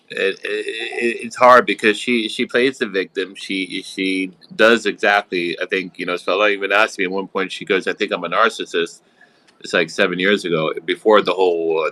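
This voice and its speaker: A man's voice: low-pitched, pushed and bright, rough recording. A man coaching on a call, listening closely and answering with supportive, affirming words.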